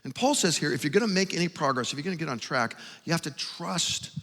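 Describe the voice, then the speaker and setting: Middle-aged male pastor, animated sermon storyteller, gravelly, echoing auditorium. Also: a little high, fast talker. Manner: animated storytelling, building to loud emphasis. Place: large church auditorium. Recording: long hall reverb, faint music.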